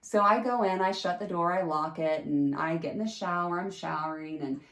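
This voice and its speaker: Host, female, lower voice, lively storyteller, roomy sound. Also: normal speed. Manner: animated, jumps into high pitch acting out quotes. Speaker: podcast host telling a personal story. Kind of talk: casual storytelling.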